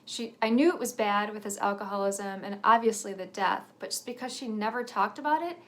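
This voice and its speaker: A woman's voice: mid-range voice, fairly quick. A woman in her thirties, an author telling a personal family story in an earnest, reflective way, with a few nervous laughs.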